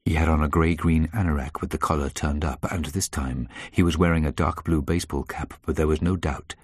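A man narrating a story in a measured, tense way. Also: a bass voice, fairly even intonation, husky, dry recording, studio quality. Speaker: audiobook narrator. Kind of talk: scripted narration.

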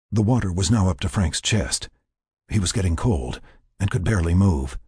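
A man narrating a tense story in a measured, scripted way with a raspy voice. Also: deep voice, lively intonation, a little mellow, dry recording, clean studio sound.

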